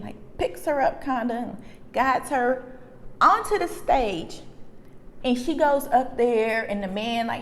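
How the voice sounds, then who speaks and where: A woman telling a personal story in casual, slangy talk with animated asides and exclamations. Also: medium pitch, big-room sound, slight background noise.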